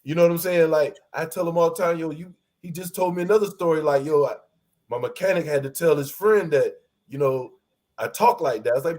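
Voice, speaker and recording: Man with a slightly high voice; relaxed, slangy instructor who mimics friends' lines. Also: fast. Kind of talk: casual discussion.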